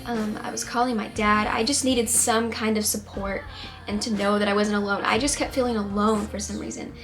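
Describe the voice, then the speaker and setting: A woman tells a painful personal story to camera, tearful and on the edge of crying, in halting, rambling sentences full of restarts. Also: medium pitch, little pitch movement, fairly bright tone, soft background music. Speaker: singer-songwriter vlogger.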